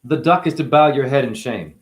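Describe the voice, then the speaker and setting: A man's voice: medium pitch, fairly quick. A man acting as a spiritual teacher, talking through a rambling monologue with free-associating wordplay and musing asides.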